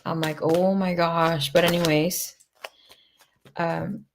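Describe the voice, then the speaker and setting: Swearing freely and speaking bluntly, a tarot reader shares chatty stories during a casual livestream reading. Her voice is on the low side, level in tone and slow-paced, with a little background noise.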